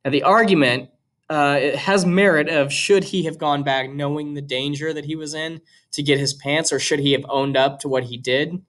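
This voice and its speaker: A man teaching a class reads a novel aloud and stops to explain it. He speaks in a measured, explanatory way. His voice sits slightly high for a man. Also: steady tone, a bit bright. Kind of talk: reading a novel aloud with commentary.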